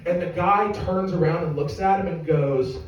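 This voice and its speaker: Speaking at a moderate pace in a high-pitched voice, a young adult comedian tells a live audience a rambling story full of profanity and self-mockery. The echoey room is captured from far away.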